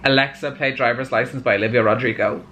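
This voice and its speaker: A young man chatting excitedly in a casual book vlog, with plenty of "like" fillers. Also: mid-range voice, normal speed, slight background noise. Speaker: book vlogger. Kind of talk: casual chat.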